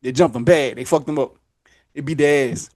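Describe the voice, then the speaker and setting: A man's voice: medium pitch, normal speed, darkish tone, dry recording. A man telling a long story casually on a podcast, acting out the voices and laughing often.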